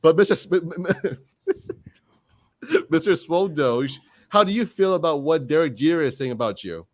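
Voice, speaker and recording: A man's voice: a little high, lively intonation, unhurried. A man hosting a casual online interview, chatty and giggling often. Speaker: host.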